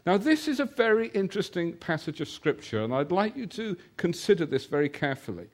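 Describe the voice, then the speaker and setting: Lively man preaching a sermon. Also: high voice. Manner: animated storytelling, slows for emphasis. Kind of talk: sermon with personal story.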